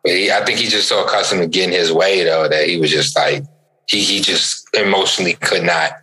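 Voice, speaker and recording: Animated, bright-voiced male podcast co-host. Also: fairly quick, rough recording. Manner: animated storyteller, acts out quotes with big pitch jumps. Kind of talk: casual chat, storytelling.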